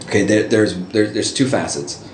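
Lowish-voiced man telling stories, roomy sound. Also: moderate pace. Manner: animated, jumps into high voices for quoted reactions. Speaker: interview guest, costume hobbyist. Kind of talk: casual storytelling in an interview. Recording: roomy with faint ambient noise.

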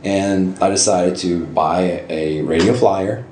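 A middle-aged man casually telling stories as an interview guest, with animated jumps into high voices for quoted reactions. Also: slow. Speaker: interview guest, costume hobbyist. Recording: roomy with faint ambient noise.

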